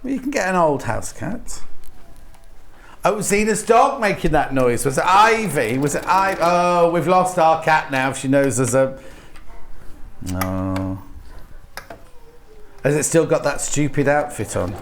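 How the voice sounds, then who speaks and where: A man's voice: on the high side, animated, unhurried, long pauses, slight background noise. A man with a British accent presenting live sales on a shopping channel, upbeat and urging viewers to buy. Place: TV studio.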